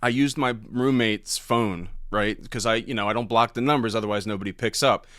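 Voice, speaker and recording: A man's voice: lowish voice, fairly quick, fairly bright tone, no echo, studio quality. A man who does stand-up, telling a story as a podcast guest in a laid-back, profane way. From Ohio. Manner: laid-back, profane, laughs between lines. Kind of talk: casual storytelling.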